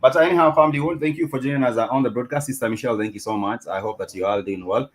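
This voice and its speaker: A man's voice: medium pitch, rapid-fire, low-quality recording. A man hosting an online talk show, speaking hesitantly with many fillers and repeated words. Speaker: host. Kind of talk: casual chat.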